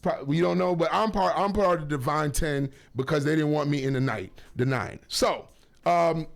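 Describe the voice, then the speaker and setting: A man hosting a casual talk radio show, rambling and joking with lots of shout-outs and self-corrections, on a studio microphone. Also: a little high, moderate pace, vocal fry.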